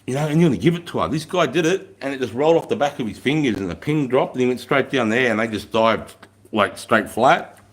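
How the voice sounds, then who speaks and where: A man's voice: medium pitch, fairly bright tone. An Australian man in his thirties hosting a live stream, chatting casually, reading out comments and telling army stories with plenty of slang and swearing. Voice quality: laid-back, swears freely, lots of Aussie slang. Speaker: livestream host.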